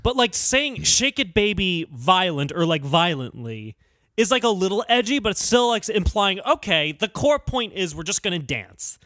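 A man co-hosting a casual comedy music podcast, joking and talking in quick animated bursts. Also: high-pitched, dry recording, studio quality. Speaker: podcast co-host.

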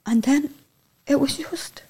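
A woman's voice: high voice, takes it slowly, a little mellow. An Irish woman telling a personal story in an interview, candid and emotional, swearing casually as she talks.

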